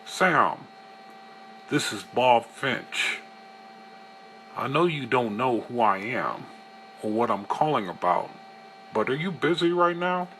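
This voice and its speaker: A man voicing a pushy middle-aged male client who talks briskly and eagerly on the phone, in a storybook reading. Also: mid-range voice, animated, fairly bright tone, slight background noise.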